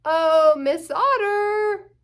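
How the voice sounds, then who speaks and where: A woman's voice: very high voice, drawn-out words, pitched above the performer's own voice, exaggerated voice. A woman doing a polite storybook bee. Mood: courteous. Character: polite male bee, businesslike.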